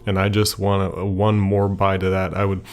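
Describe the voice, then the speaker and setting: A man's voice: low-pitched, completely flat delivery, moderate pace. A man voicing a sly, drunken old trickster who wheedles favors out of the devil. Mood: wheedling.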